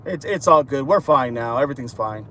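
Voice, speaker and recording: A man's voice: medium pitch, animated, a little fast, a bit bright, a little hiss or hum, pitched below the performer's own voice, close to an everyday voice. A man playing a nervous woman in a car brushing off a police officer with hasty reassurances.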